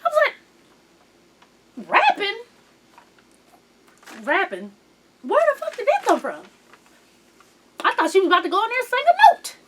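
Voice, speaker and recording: Animated, lively-pitched woman recapping TV. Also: fast, pauses often. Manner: animated and profane, mimics people in quotes. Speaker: reality TV recap vlogger. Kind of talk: casual recap commentary.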